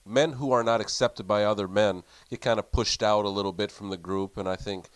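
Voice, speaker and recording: A man with a low, smooth, resonant voice chats on a casual podcast. He talks in dry, sarcastic asides and rambling musings. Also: fairly even intonation, a little fast, no echo. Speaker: podcast co-host.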